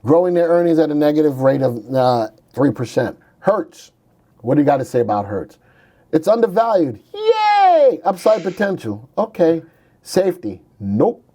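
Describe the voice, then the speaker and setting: A man's voice: fairly high pitch, sing-song, normal speed, warm tone. A man hosting a casual livestream on stocks, joking around and thinking aloud as he pulls up charts. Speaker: stock market show host. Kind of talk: casual livestream market commentary.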